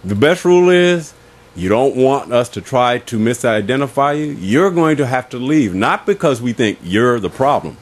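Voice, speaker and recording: A man's voice: mid-range voice, expressive, moderate pace. A man co-hosting a community radio talk show, speaking emphatically in casual chat and backing up his partner. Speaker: radio co-host.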